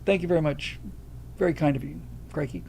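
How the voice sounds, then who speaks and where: A man's voice: a little high, fast talker, vocal fry, warm tone, a little hiss or hum. An older man from the United States hosting a livestream, talking bluntly and emphatically, reading out and thanking viewer donations. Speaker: livestream host. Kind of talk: casual opinionated livestream talk.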